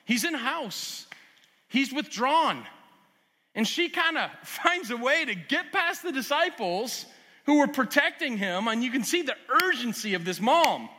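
A man preaching a sermon as pastor, swinging from loud urgent emphasis to quiet lowered asides. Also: sing-song, unhurried. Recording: long hall reverb.

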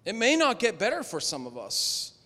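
A man preaching a sermon to a room, rising to loud emphatic lines and dropping to low, quiet asides. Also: huge pitch swings, moderate pace. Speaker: pastor. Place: large room with a congregation. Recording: echoey hall with long reverb.

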